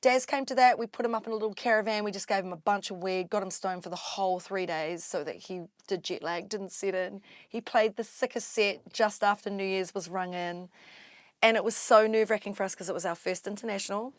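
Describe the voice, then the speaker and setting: Lively New woman telling stories. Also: mid-range voice, fairly quick, no room sound, studio quality. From New Zealand. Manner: animated, acts out quoted voices. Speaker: guest MC. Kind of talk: casual storytelling interview.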